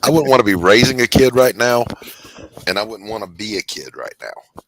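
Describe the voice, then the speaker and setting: A man's voice: fairly low pitch, big pitch swings, normal speed, a bit bright, rough recording. A man in his sixties co-hosting a live stream, joking and reading viewer comments aloud. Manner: reads chat comments aloud, joking and rambling. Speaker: podcast co-host. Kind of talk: casual live-stream chat. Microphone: headphones and desk mic.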